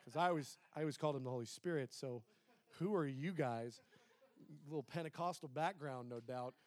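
A man preaching, telling his story to a congregation, animated, with fast excited bursts, slow emphatic stretches and acted-out dialogue. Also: mid-range voice. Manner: acts out quoted dialogue.

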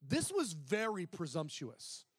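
A man preacher with a fairly high voice tells his testimony to a congregation. He moves from quick excited runs to slow emphasis and acts out the dialogue as he goes. The sound is dry and close, with no room echo. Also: breathy edge. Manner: animated, swings between fast excited bursts and slow emphasis.

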